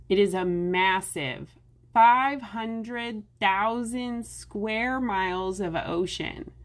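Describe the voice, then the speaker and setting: A young adult woman hosts a solo podcast in a relaxed, chatty way. She breaks in with sarcastic asides and stays conversational throughout. Her voice sits at an ordinary middle pitch. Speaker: podcast host. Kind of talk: casual solo podcast talk.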